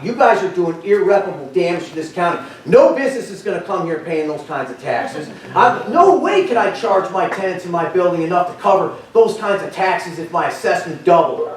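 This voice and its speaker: A man with a notably high-pitched voice delivers a heated public comment at a county board meeting. He is confrontational and impassioned, stumbling and repeating words as he presses his case. He is heard from a distance in a very echoey meeting hall. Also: animated, fairly quick.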